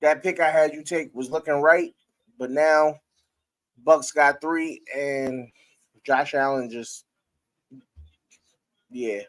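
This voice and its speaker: A man's voice: fairly high pitch, slow pace, pauses often, fairly bright tone. A man hosting a casual live-stream sports talk show, talking loosely with his viewers and breaking into laughter.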